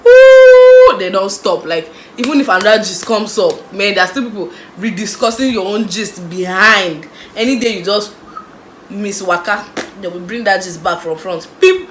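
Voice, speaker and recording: A young Nigerian woman in a casual storytime vlog, lively and acting out the people in her story. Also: mid-range voice, reverberant, a little hiss or hum, rough recording. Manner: animated, acts out voices of the people in her story. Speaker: vlogger.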